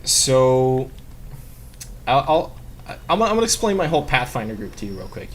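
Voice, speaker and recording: A man's voice: medium pitch, sing-song, moderate pace, a little hiss or hum. A man chatting casually while playing a game, rambling and swearing with many fillers into a close desk mic. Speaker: gamer and podcast host.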